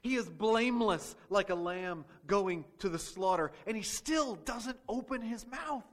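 Animated high-voiced male preacher. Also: measured pace. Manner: rhetorical questions, acts out quoted speech. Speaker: pastor. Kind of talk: sermon.

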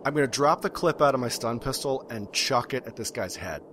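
A man's voice: mid-range voice, brisk, noisy background. A man playing a tabletop game, describing his character's actions with playful energy over a remote call. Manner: animated and playful. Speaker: player. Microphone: remote call mic.

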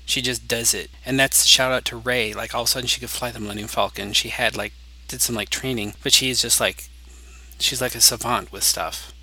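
A man's voice: medium pitch, fairly even intonation, brisk, pushed and bright, poor audio. An American man co-hosting a casual podcast chat, rambling and eager as he spins fan theories. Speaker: podcast co-host.

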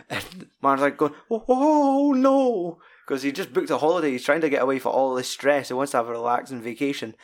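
A man's voice: medium pitch, fast talker. Scottish man, podcast co-host, loose sweary film talk. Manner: sweary, rambling and animated retelling. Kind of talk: casual film chat.

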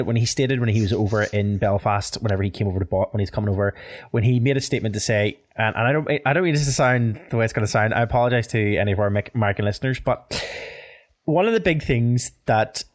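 A young man with a Northern Irish accent hosting a podcast in casual chat, rambling with many fillers and restarts. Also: fairly low pitch. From Northern Ireland. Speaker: podcast host.

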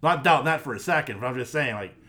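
A man's voice: mid-range voice, quick pace. A man co-hosting a podcast, chatting casually and teasing his friend, often acting out quotes. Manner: animated, teasing, acts out quotes. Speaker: podcast co-host. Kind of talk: casual chat.

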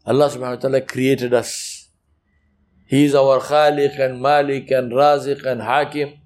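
Male preacher, lively emphatic delivery with acted-out asides. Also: medium pitch, moderate pace. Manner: animated, emphatic, acts out quoted speech. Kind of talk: religious talk.

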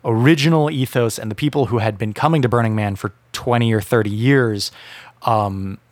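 A man in a casual podcast conversation, speaking at a middle pitch. He makes his points deliberately and holds firm opinions. The recording is close and dry. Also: dry recording. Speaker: podcast co-host.

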